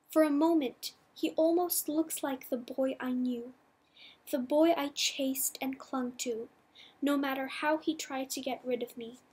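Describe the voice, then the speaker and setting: A woman reading a novel aloud in the first person, measured and softly dramatic. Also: high voice, fairly even intonation. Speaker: audiobook reader.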